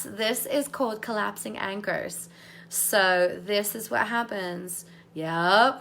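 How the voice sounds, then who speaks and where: A woman's voice: medium pitch, pushed and bright, slight background noise. A woman life coach talking viewers through a guided visualization and chatting with them live. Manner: bubbly, laughs often with viewers.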